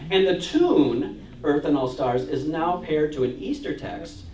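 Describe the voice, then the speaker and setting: Male church music minister, higher voice, jovial and chatty class lecturer, recorded far off the mic in a roomy hall. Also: expressive, measured pace, darkish tone, a little hiss or hum. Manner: jovial and chatty, reads hymn verses aloud with laughs. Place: church meeting room.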